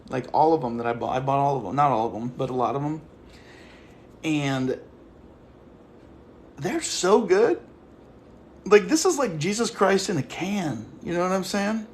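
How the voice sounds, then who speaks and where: A man livestreaming a casual, profane rant, agitated and talking straight to his chat. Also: fairly high pitch. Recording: echoey room with faint noise.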